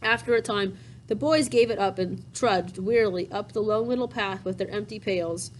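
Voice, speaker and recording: Gentle woman reading a storybook aloud. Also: mid-range voice, moderate pace, a little hiss or hum, low-quality recording. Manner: gentle, explains things to children with fillers. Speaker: storybook reader. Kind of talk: reading a children's book aloud.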